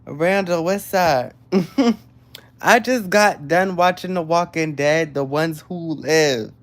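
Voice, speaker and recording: A woman, hosting a casual livestream and chatting excitedly with viewers. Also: on the low side, takes it slowly. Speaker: livestream host.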